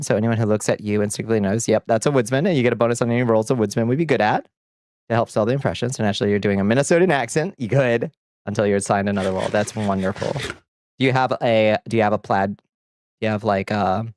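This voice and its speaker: A man's voice: on the low side, fast talker, darkish tone, no room sound, clean studio sound. A man chatting casually on a livestream, reading viewer comments aloud and answering with blunt, profane jokes and frequent laughter. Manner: reads chat aloud and banters, laughing often. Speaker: streamer.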